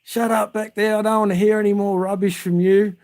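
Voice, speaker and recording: A gruff, irritable Australian schoolteacher barks from the front of a vehicle, as a man puts him on. The voice jumps higher than usual and sounds a little away from the mic. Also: flat delivery, brisk, a little mellow. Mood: snapping. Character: irritable male schoolteacher barking orders.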